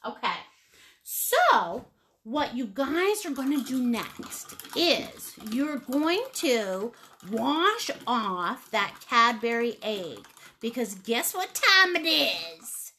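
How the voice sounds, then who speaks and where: Brief: woman art instructor, bright lively voice, unhurried, playful sing-song asides while teaching. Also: high-pitched. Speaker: painting instructor. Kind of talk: live painting lesson, step-by-step instructions.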